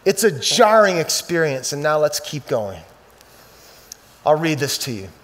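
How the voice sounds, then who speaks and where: A male pastor preaching a sermon, swinging from loud emphatic bursts to quiet, slow scripture reading. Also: fairly high pitch, big pitch swings.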